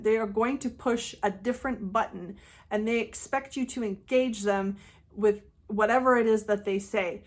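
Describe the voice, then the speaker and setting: A woman calmly and earnestly giving advice in a monologue, now and then acting out quoted pleas in a raised voice. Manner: calm, earnest, acts out quoted pleas in higher voice. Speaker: channel host giving advice.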